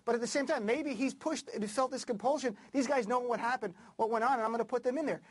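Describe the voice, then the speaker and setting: Fast-talking earnest male pundit. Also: extremely high pitch, husky. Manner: earnest, quick, defending his view. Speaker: panel guest, former attorney. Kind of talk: political panel discussion.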